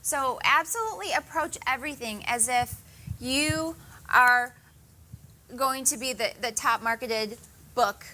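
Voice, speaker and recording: A woman's voice: high-pitched, unhurried, pushed and bright, slight background noise. A woman co-presenting a conference breakout session, encouraging and emphatic with the audience.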